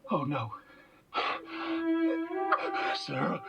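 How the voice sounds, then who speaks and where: A man's voice: mid-range voice, drawn-out words, creaky, exaggerated voice. A sobbing desperate father. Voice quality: sobbing, pleading. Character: desperate father cradling his dying daughter. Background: music.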